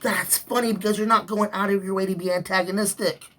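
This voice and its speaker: A man's voice: high voice, steady tone, fast talker, bright, forceful tone, far from the mic. A man who works security, venting in a profane vlog rant about a coworker. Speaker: security guard.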